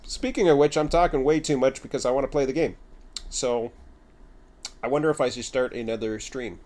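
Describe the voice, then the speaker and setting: A game streamer chats casually with his viewers, rambling and poking fun at himself. His mid-range voice runs a little fast and has a darkish tone.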